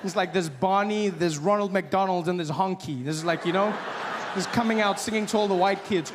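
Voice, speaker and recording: A man from South Africa performing a stand-up comedy routine, animated and acting out characters in excited voices. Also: high-pitched, brisk, background noise.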